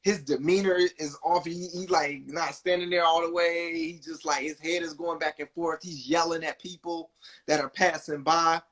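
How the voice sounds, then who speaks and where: Young guy on a podcast telling a story, bright voice, kinda high, real animated. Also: moderate pace. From New Jersey. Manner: animated, acts out quotes with big pitch jumps. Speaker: podcast host. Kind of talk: casual storytelling.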